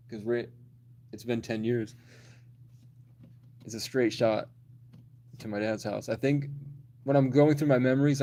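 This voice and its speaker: A man's voice: on the low side, darkish tone, slight background noise. A man in his twenties telling a long personal story in a rambling, blunt, profane way on a livestream. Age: 20s.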